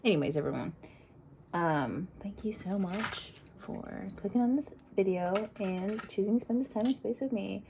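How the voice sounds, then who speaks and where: A woman giving a casual intuitive reading to camera, talking softly and meandering in a put-on accent, with frequent ums. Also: medium pitch, lively intonation, moderate pace, gravelly, slight background noise. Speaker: tarot reader. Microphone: phone propped on a crystal.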